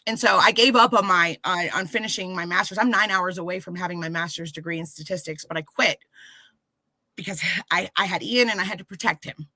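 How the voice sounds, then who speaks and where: Bright-voiced woman telling her story. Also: on the low side, fairly quick, dry recording, rough recording. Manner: animated, acts out quoted voices. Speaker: podcast guest. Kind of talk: candid personal storytelling.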